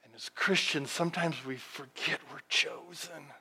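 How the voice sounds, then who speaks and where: A man preaching a sermon as pastor, reading scripture slowly and swinging from loud emphatic lines to hushed ones. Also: fairly high pitch, husky.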